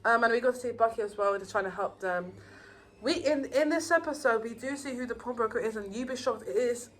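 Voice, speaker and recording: A woman casually reviewing TV episodes, rambling and excitable with many fillers and restarts. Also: fairly high pitch, a little fast, slight background noise, poor audio. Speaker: YouTuber reviewing TV shows.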